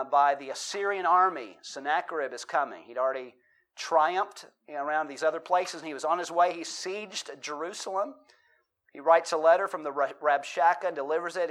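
A man's voice: a little high, a bit bright. A middle-aged man preaching a sermon, telling self-deprecating stories and reading scripture and poetry with dramatic emphasis. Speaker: pastor.

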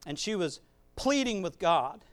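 A man with a high, smooth and resonant voice preaches a sermon. He reads scripture, then builds to loud, emphatic preaching. He drops into chatty asides full of fillers and restarts. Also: sing-song, a little slow. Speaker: pastor.

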